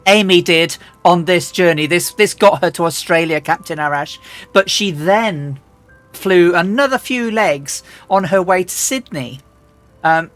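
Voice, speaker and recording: A woman streamer chatting casually and rambling as she flies a simulator, often restarting and clearing her throat. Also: fairly low pitch, a bit bright, no echo. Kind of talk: casual live-stream chat while flying a flight simulator.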